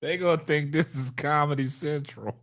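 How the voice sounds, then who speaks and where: A man's voice: on the high side, moderate pace, fairly bright tone. A man hosting a live stream, laughing hard and whooping between casual remarks to his chat. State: laughing to tears. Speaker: livestream host.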